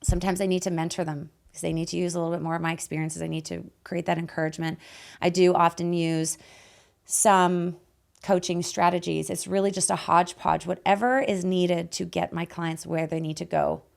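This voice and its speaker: Raspy-voiced woman podcast host. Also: lowish voice, flat delivery, fairly quick, a little mellow. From Canada. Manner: bubbly, laughs often, emphatic. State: hoarse, raspy from lost voice. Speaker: podcast host and life guide. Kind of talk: casual podcast chat. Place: podcast studio.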